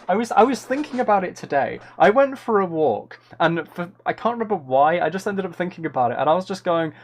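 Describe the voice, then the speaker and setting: A man's voice: high-pitched, big pitch swings, fairly quick, hardly any pauses, a little hiss or hum. A man chatting casually on a live stream, answering chat in a playful, rambling, mock-dramatic way.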